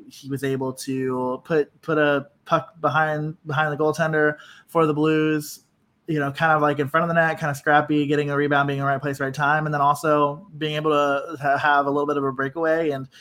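A man's voice: mid-range voice, fairly bright tone. A man hosting a podcast, rambling loosely and joking at his own expense. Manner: loose, self-deprecating rambling. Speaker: podcast host. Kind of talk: casual chat.

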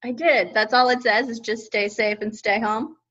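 A woman's voice: fairly high pitch, steady tone, moderate pace, a bit bright, dull audio. A woman co-hosting a podcast in casual chat, wry and joking. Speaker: podcast co-host.

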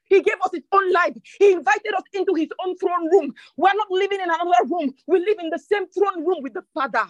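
A woman preacher delivering an impassioned sermon, repeating lines for emphasis and dropping into low, slow prayer. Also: no echo, lo-fi sound. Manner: speaks in tongues during prayer.

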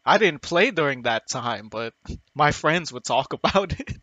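A man's voice: mid-range voice, lively intonation, measured pace, sharp tone, no echo, highs cut off. A young man co-hosting a casual gaming podcast, giggling often and swearing casually. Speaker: podcast co-host.

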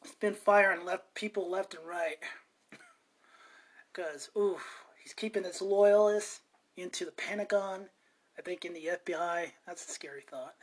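A woman's voice: fairly low pitch, measured pace, breathy edge. A woman hosting a podcast and ranting in a chatty, meandering way, often interrupting herself mid-sentence. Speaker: podcast host. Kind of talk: casual ranting monologue.

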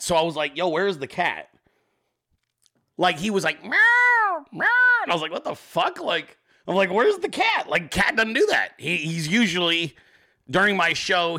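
Animated, foul-mouthed male show host. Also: a little high. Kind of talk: casual profane livestream chat.

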